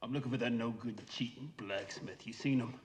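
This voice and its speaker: A man's voice: medium pitch, fairly quick, slight background noise, close to an everyday voice. An actor playing a menacing, hot-tempered male outlaw gunman who snarls insults.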